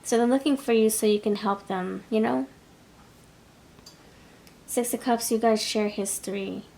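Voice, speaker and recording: A woman's voice: a little high, measured pace, vocal fry, darkish tone. A woman giving a casual pick-a-card tarot reading. She rambles and repeats herself, and slips into voicing other people's thoughts. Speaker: tarot reader.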